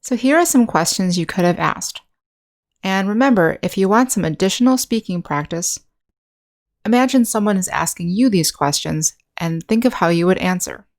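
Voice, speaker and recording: An American woman, an English teacher, narrating an online lesson in a clear, patient way and slowly demonstrating sounds. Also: medium pitch, lively intonation, a little mellow.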